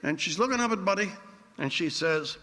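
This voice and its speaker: Man, keynote speaker, wry theatrical storyteller, bright forceful voice, big hall reverb. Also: sits high, lively intonation, fairly quick. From Newfoundland, Canada. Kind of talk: after-dinner speech with anecdotes. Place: large event hall.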